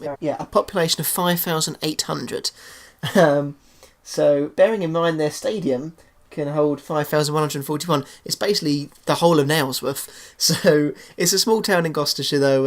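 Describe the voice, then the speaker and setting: A man's voice: a little high, fairly even intonation, normal speed, hardly any pauses. A young man giving casual, hesitant commentary on his football game, full of fillers and restarts. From England. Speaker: gaming YouTuber.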